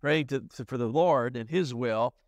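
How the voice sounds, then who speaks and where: A man's voice: mid-range voice, moderate pace, no room sound. Plain-spoken male pastor preaching. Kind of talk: sermon. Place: church sanctuary.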